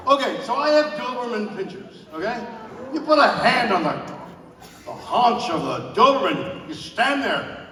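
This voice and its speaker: An older man on stage as a guest, telling lively anecdotes and acting out the people in them. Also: extremely high pitch. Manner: animated, acts out the people in his stories. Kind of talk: live on-stage storytelling. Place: large indoor event hall. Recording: roomy hall from far off, crowd and noise. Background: audience laughter.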